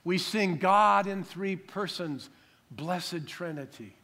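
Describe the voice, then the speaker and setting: An older man preaching a sermon as pastor, emphatic, slowing down to stress key words. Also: high-pitched, bright, forceful tone.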